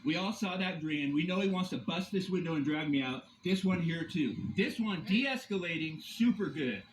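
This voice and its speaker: A man's voice: fairly high pitch, lively intonation, normal speed, echoey room, a little hiss or hum, poor audio. Heated, profane man ranting into a phone. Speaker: campground guest confronting staff and police. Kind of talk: agitated first-person rant. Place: inside a vehicle. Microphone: phone camera.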